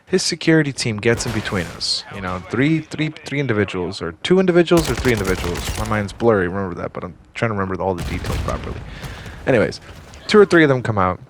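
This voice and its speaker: A man's voice: lowish voice, big pitch swings, fast, background noise. A man and former security guard, casually telling a story in a rambling, profane way with lots of fillers.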